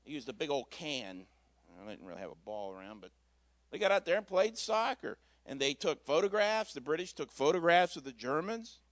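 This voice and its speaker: A man's voice: on the high side, very animated, moderate pace, dry recording. A man preaching a Christmas Eve sermon in a church, telling a story in a folksy, conversational way with asides. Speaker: pastor.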